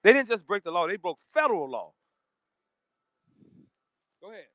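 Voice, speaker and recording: Forceful man from Memphis, slightly high voice. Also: very animated, normal speed, no echo. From Memphis, Tennessee. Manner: forceful, repeats words, cuts in to correct others. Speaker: host of a live audio room. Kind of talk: heated live audio discussion.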